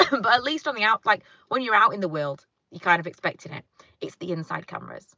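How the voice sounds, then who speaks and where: A woman's voice: medium pitch, very animated, a little fast, sharp tone, no echo, lo-fi sound. A woman chatting casually in her car, reading viewer comments and rambling with lots of fillers. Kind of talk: casual car chat live stream. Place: inside a parked car.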